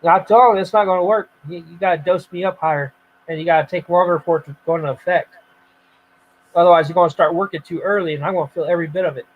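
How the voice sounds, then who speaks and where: A man hosting a casual voice chat stream, telling stories in an animated way and acting out the scenes with exclamations. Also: high-pitched, fast talker, narrow, tinny audio, slight background noise. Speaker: streamer host.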